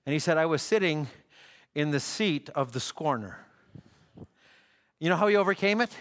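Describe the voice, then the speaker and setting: A man preaching a sermon at a church service, emphatic and repetitive, building to shouts. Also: fairly high pitch, lively intonation, normal speed. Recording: church hall with long reverb.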